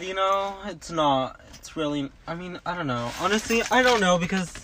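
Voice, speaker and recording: A man's voice: high-pitched, noisy background. A young man, a student, ranting dramatically and profanely in a casual vlog. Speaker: vlogger, student.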